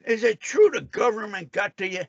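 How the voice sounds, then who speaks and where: Very high, taunting man on muffled call. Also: a little fast, dry recording. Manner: interrupting, taunting, keeps repeating a name. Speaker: call participant. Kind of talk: heated argument on a call.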